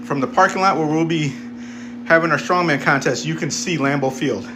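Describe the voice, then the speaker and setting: A man with a slightly high voice talks bluntly between heavy sets in a gym. Steady background noise sits behind him, giving it the feel of a rough workout vlog. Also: slow, long pauses. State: out of breath. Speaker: gym vlogger. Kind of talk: casual gym vlog talk.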